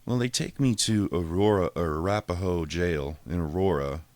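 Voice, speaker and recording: A man's voice: low-pitched, moderate pace, no room sound. A man hosting a podcast, telling a story casually and full of swearing, acting out the quotes of each person. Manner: profane, animated retelling, acts out quotes. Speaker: podcast host.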